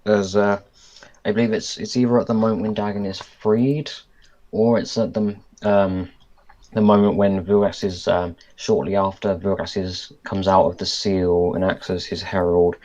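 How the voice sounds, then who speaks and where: A man with a very low voice co-hosts a relaxed podcast conversation. He thinks out loud, trailing off and circling back mid-sentence. His mic sounds dull and lo-fi. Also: moderate pace. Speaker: podcast co-host. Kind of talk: casual chat reviewing a cartoon episode.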